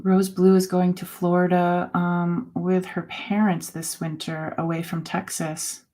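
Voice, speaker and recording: Slow, low-voiced woman hosting a chat. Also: level tone. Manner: slow, halting, with many fillers and soft laughs. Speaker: host. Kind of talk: casual live chat with viewers.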